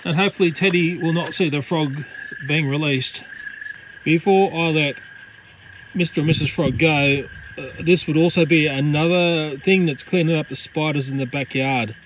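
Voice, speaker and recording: A man's voice: fairly high pitch, steady tone, moderate pace, slight background noise, poor audio. A man, chatting casually to his camera and his cats as he carries garden creatures back outside. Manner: chatty, fond running commentary to animals and camera. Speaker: pet owner filming his cats. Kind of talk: casual vlog commentary. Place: backyard garden at night. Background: faint night ambience with frogs and crickets.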